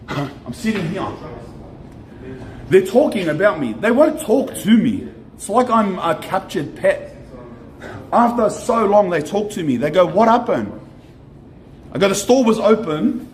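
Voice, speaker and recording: High-voiced Australian young man, swearing. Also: a little slow, long pauses. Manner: animated, swearing, slangy, repeats himself. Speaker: streamer. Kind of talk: casual storytelling vlog. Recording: echoey with faint ambient noise.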